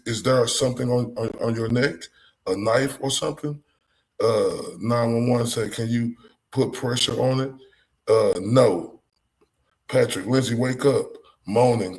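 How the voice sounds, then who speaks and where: A man's voice: mid-range voice, a little mellow, poor audio. A man with a Texan accent, a live-stream commentator reading a transcript aloud with emotional reactions. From Dallas, Texas. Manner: emotional, exclaiming in disbelief.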